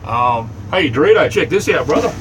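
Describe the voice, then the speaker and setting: A man's voice: on the high side, big pitch swings, moderate pace. A middle-aged man with an Australian accent talks casually on a livestream, rambling and friendly with his viewers. He is in a small camper, and a faint hum sits behind his voice. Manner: easygoing, rambling, greets chatters by name. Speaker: livestream host. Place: inside a small truck camper.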